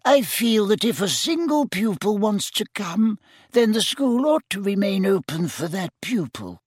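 A man's voice: sits high, very animated, measured pace, slightly rough, no room sound, studio quality, voice pushed up, heavily acted. A man doing an earnest middle-aged witch.

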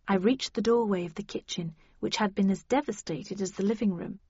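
A woman reading an audiobook, telling the story briskly in the first person. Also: medium pitch, dark tone, breathy edge, dry recording, highs cut off. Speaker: audiobook reader. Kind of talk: scripted narration.

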